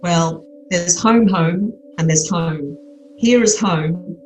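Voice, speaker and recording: With a lowish voice and a slow pace, an older Australian-accented woman from Australia guests on a podcast in casual interview chat. The actress speaks frankly and cheekily with many restarts; soft music plays behind a rough recording.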